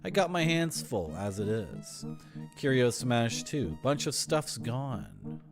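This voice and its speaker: Gruff, dismissive man, low and clipped, read by a male streamer. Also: sing-song, slow pace, music in the background, full character voice. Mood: curt. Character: gruff man at his limit, curt.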